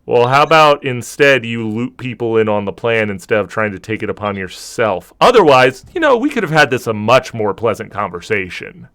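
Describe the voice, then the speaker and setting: A man's voice: mid-range voice, very animated, normal speed, hardly any pauses, a bit bright. A man who is game master, narrating a tabletop game and questioning a player in character. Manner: confrontational, questioning.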